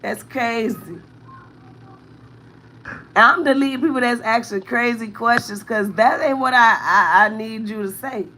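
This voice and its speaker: Emotional bright-voiced woman. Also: fairly high pitch, a little slow. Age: 30s. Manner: candid, venting, thanks commenters, near tears at times. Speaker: vlogger, mother of four. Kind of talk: emotional live-stream chat with viewers.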